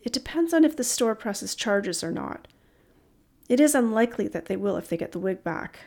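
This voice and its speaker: A woman reading the lines of a measured, reassuring young police officer in a storybook. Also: medium pitch, lively intonation, vocal fry, a little mellow. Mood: calm. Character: calm, kind young policewoman.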